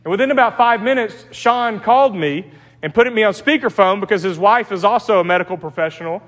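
A male pastor with an East Texas accent gives his sermon in a church sanctuary. His voice sits high, and he shifts into personal stories in an easy, conversational way. Long reverb from the hall trails behind each phrase. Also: a little fast, fairly bright tone. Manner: conversational, anecdotal preaching with restarts.

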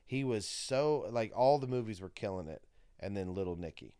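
A man in casual chat among friends, talking in an animated, rambling way with lots of fillers, restarts and swearing. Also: fairly low pitch, moderate pace, smooth, no room sound, studio quality.

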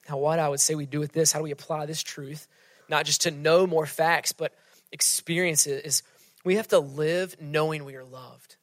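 A man preaching a sermon in a conversational way, often dropping to a soft, hushed voice for emphasis. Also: fairly high pitch, steady tone, normal speed, dry recording. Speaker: pastor.

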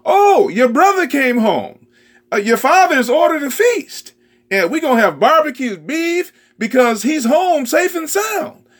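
A man's voice: very high-pitched, measured pace, voice pushed up, heavily acted. A male preacher voicing an eager servant announcing a feast. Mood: excited. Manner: excited, announcing.

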